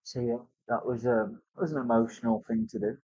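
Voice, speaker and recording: A British-accented man with a medium-pitched, dark, steady voice talks a little fast as he tells a casual story in a tattoo studio, cursing a lot and mimicking other people. The sound is dry and slightly dull.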